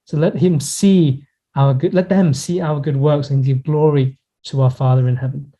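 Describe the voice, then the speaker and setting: A male pastor delivers a sermon in an earnest, reflective manner, stretching out key words for emphasis. His voice sits a little high for a man yet sounds mellow and warm. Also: fairly even intonation. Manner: earnest, reflective preaching with pauses and slowed emphasis. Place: church in Hong Kong.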